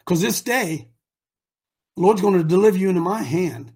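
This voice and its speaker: A man voicing a brash, eager young shepherd hero who talks slang and whines and shouts in a high, husky voice. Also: moderate pace. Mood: cocky.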